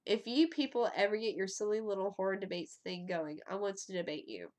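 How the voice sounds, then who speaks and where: A woman's voice: medium pitch, animated, a little fast, a little mellow. A woman in her thirties hosting a casual live stream, rambling, swearing freely and giggling as she talks into a webcam mic. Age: 30s. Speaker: livestream host.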